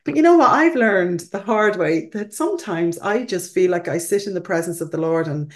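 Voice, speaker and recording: A woman's voice: lowish voice, animated, moderate pace. Woman pastor, heartfelt and earnest, conversational faith talk.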